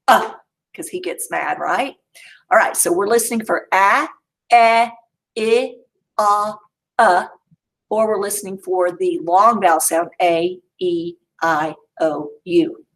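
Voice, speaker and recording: Woman, primary teacher, unhurried and sing-song, sounds out vowels for young learners. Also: medium pitch, fairly bright tone. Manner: slow, exaggerated sounding-out with playful reveals. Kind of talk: early-grade phonics lesson.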